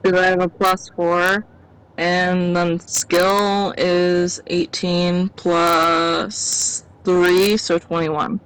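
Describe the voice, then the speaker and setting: Slow-talking woman player, smooth voice. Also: on the low side, level tone, fairly bright tone, poor audio. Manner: slow and hesitant, thinking aloud. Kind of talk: casual game play.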